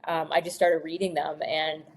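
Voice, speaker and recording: A woman's voice: sits low, flat delivery, normal speed, poor audio. A woman from Michigan, a screenwriter guest, chatting on a podcast and telling stories with acted-out quotes. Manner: chatty storyteller who acts out quoted voices. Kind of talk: casual podcast interview.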